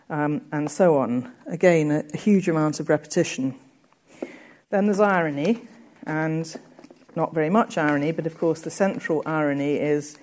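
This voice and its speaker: Woman lecturer, low warm voice, conversational with ums, slows down to read quoted verse. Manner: reads verse quotations slowly and deliberately between explanations; frequent ums, conversational explaining. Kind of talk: literature lecture.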